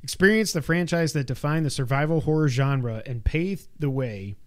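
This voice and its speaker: A man's voice: fairly high pitch, moderate pace. A man co-hosting a podcast from home, reading a press release aloud with joking asides and telling stories in casual chat. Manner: reads press copy with asides and jokes. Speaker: podcast co-host.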